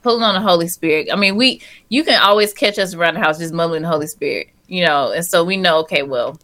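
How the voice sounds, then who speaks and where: A woman with a bright, sharp voice chats on a relaxed podcast. She talks in a playful, easygoing way, tossing in little quoted asides. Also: fairly low pitch, fast. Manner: chatty, playful, laughs often. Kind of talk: casual podcast conversation.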